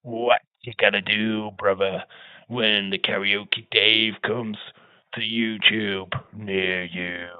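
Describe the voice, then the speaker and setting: A man putting on a gruff wrestling champion voice, slow and emphatic, on a tinny, phone-like recording. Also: fairly low pitch, flat delivery, pitched below the performer's own voice. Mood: taunting. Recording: tinny phone-like dry sound.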